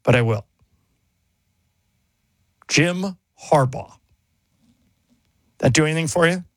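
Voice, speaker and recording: A man co-hosting a sports radio show, posing questions to his partner in a measured, casual way. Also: on the high side, lively intonation, a bit bright, no room sound.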